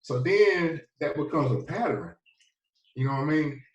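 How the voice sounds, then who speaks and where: A man in his thirties with a Southern US accent, telling his story in a relaxed, rambling way as a podcast guest. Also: on the high side, normal speed. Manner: laid-back, rambling, many fillers. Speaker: podcast guest, former football player. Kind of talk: casual storytelling interview. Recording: echoey, a bit distant from the mic.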